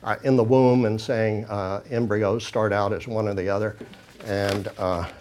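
A man's voice: on the low side, steady tone, unhurried, a little mellow, slight background noise. A man giving an informal lecture, reading passages from handouts and breaking off with many fillers and restarts. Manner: reads quoted passages then comments casually.

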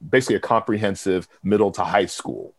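A man's voice: deep voice, fast, creaky. A man, a professor from Texas, telling stories in a casual interview and acting out what others said. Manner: animated, quotes others in lively bursts. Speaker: professor and program director. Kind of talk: conversational interview storytelling.

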